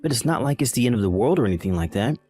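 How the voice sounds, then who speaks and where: A man's voice: mid-range voice, expressive, very fast, a little mellow, breathy edge, faint music behind. A man playing a callous young husband in a dramatized text-message story, exasperated and blaming. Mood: dismissive.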